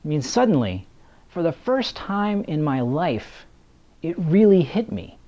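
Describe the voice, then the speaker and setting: Male author vlogger, measured and slow, sarcastic edge, muffled lo-fi sound. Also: a little high, very animated, dark tone. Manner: sardonic, blunt. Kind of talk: scripted commentary. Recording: dull lo-fi recording.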